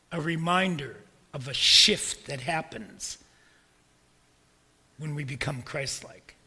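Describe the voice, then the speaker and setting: A man preaching a sermon as pastor, emphatic and repetitive, building up to forceful peaks. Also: on the high side, gravelly, husky, in a large hall.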